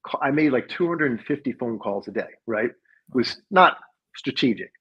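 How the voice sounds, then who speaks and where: A man with a husky, slightly breathy voice talks through his sales career in a relaxed, reflective way. His audio sounds dull and lo-fi, as if it were recorded on a remote call. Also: medium pitch, normal speed. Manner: reflective, laughs while telling stories. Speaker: podcast guest, sales leader. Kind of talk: casual conversational storytelling.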